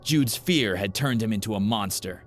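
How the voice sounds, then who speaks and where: A man giving grave, measured first-person narration of a scripted horror story. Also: on the low side, slight background noise.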